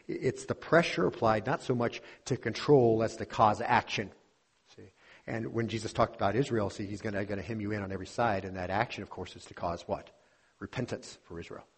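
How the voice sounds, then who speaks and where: A man with a low, husky voice delivers a sermon from the pulpit. He teaches earnestly, working through scripture verse by verse and calling his listeners beloved. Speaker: pastor. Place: church sanctuary.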